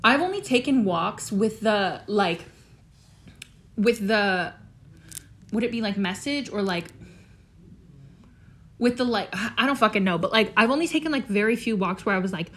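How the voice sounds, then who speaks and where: A woman's voice: medium pitch, brisk. A teenage girl hosting a casual solo chat, talking freely with lots of fillers and frequent swearing. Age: teens. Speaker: podcast host.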